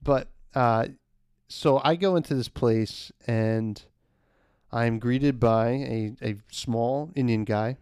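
A young man in a relaxed podcast chat, telling a story in a loose, rambling way with fillers and chuckles. His voice sits at an ordinary middle pitch. The recording is close and dry, with no room sound. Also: slow, clear, resonant tone, dry recording. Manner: laid-back, rambling, laughs often, many fillers. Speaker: guest telling a work story.

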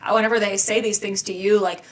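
A woman's voice: mid-range voice, fairly even intonation. A woman fitness coach talking as a podcast guest in casual chat, chatty and acting out quotes. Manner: rapid, chatty, acts out quotes.

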